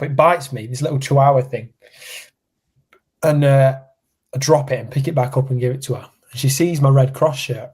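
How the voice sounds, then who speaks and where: A young man from England, co-hosting a podcast, telling stories in a casual, animated chat and acting out what people said. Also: mid-range voice, brisk, breathy edge. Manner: animated storyteller, acts out quotes. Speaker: podcast co-host.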